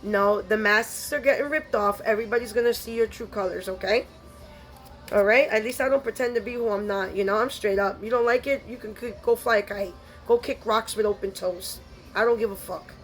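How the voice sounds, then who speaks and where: A woman's voice: mid-range voice, brisk, faint music behind. A woman giving a spiritual tarot reading, blunt and scolding, full of streetwise slang. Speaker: tarot reader.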